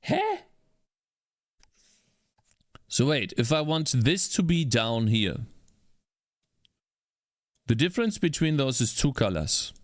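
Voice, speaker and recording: A man's voice: mid-range voice, animated, a little slow, pauses often, no room sound. Male streamer, game dev, frustrated and cursing at his work; dry, close sound. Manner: frustrated, exasperated, talks to himself; swears. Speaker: indie game developer streaming. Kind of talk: live-stream chat while working.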